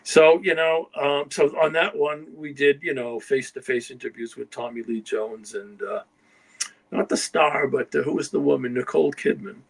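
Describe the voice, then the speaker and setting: A man's voice: fairly high pitch, moderate pace, creaky, slightly rough, rough recording. An older man, a guest writer, telling anecdotes in a rambling conversational way, often checking in with "you know" and "okay?". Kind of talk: casual anecdotal storytelling.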